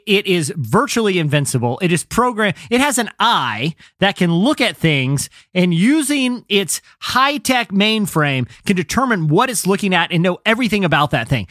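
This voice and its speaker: A man on a casual comedy podcast, talking in a bright, high voice that leaps up and down. He rambles and restarts, then jumps into goofy put-on voices. The sound is close and dry, with no room around it. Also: no echo. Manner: animated, rambling, acts out silly voices. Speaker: show guest ranking TV shows.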